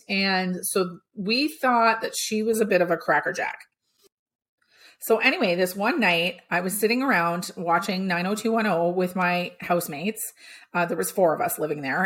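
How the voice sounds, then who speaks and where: A woman hosting a podcast, telling a personal story in a lively, animated way. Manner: animated storytelling, acts out quotes with big pitch jumps. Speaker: podcast host.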